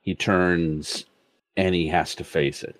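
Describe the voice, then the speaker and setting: A man narrates his character's actions in a slow, measured way. His voice is very deep and recorded dry and close. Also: steady tone, no echo. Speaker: player.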